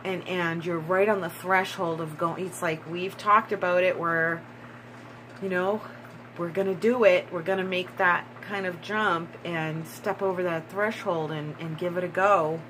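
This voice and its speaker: Slow-talking woman giving a tarot reading. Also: fairly low pitch, a little hiss or hum, rough recording. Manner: excitable, breathless bursts, repeats herself. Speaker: tarot reader.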